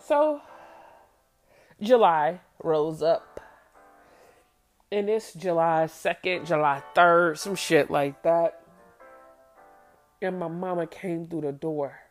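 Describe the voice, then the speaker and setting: Woman with a gravelly, creaky voice, blunt and candid, recounting her past over faint music. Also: lowish voice. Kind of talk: personal storytelling.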